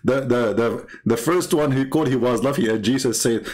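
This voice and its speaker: A man's voice: medium pitch, moderate pace, few pauses, darkish tone. A man hosting a show, giving mocking commentary with lots of laughter and repetition. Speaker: host.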